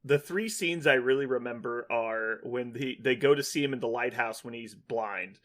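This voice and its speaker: A man co-hosting a podcast in casual chat, quickly and animatedly retelling movie scenes. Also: medium pitch, fairly bright tone. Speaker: podcast co-host.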